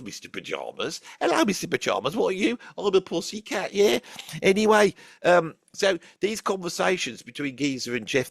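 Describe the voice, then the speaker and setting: A channel host in character as an older, rambling, foul-mouthed rock fan from Birmingham delivers a comic monologue in a Birmingham accent, repeating himself and tossing chummy asides to listeners. His high, gravelly voice is a full character performance, recorded clean in a studio with no room sound.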